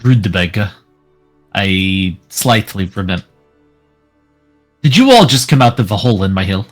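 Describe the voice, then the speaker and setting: A man voicing a gruff, wary male hobgoblin farmer who speaks in a low, halting way in a tabletop game. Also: very animated, faint music behind.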